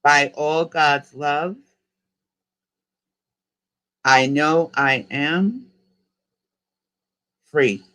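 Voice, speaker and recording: Slow chanting man with a New York accent. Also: fairly high pitch, pushed and bright, smooth. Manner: slow, rhythmic, repeating lines for listeners to echo. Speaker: spiritual coach. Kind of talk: leading chanted spiritual decrees.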